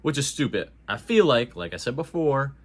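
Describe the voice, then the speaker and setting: A man giving a casual, animated and slangy movie review, joking along as he talks. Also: medium pitch, moderate pace.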